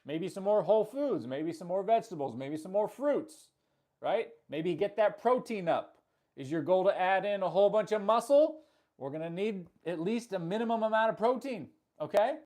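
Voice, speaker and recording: A man's voice: high voice, animated, moderate pace, a little mellow. A man coaching on a live stream, upbeat, greeting viewers and answering chat comments, often laughing and repeating words for emphasis. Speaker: fitness coach.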